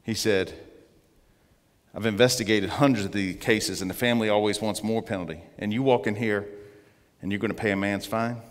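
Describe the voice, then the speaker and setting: A man giving an earnest testimony as a guest speaker in church, slowing down to stress his points. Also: fairly low pitch, fairly even intonation. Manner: earnest storytelling, slowing for emphasis. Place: church sanctuary. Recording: long church reverb.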